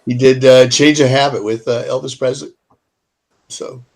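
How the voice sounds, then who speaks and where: A man hosting a show in casual chat, easygoing and hesitant, with many pauses and fillers. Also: medium pitch, little pitch movement, creaky, a little mellow. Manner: easygoing, hesitant, lots of ums. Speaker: podcast host.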